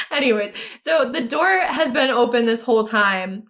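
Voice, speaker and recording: A woman's voice: on the high side, expressive, unhurried, fairly bright tone. A woman co-hosting a podcast, retelling a movie plot in casual chat, swearing freely and acting out the lines. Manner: blunt, swears freely, laughs often, acts out lines. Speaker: podcast co-host.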